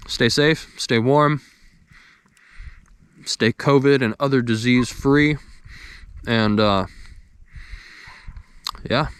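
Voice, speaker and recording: A man's voice: medium pitch, very slow, long pauses, clear, resonant tone, dry recording. A young man in casual talk to the camera outdoors by a campfire, easygoing and rambling, chewing as he talks. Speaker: outdoors vlogger.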